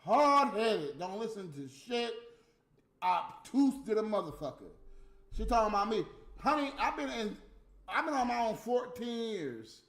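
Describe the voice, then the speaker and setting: Smoking as he goes, this man delivers a casual, swear-filled rant, heatedly ridiculing absent people in a high, very animated voice at a moderate pace. Faint music plays in the echoey room where it was recorded.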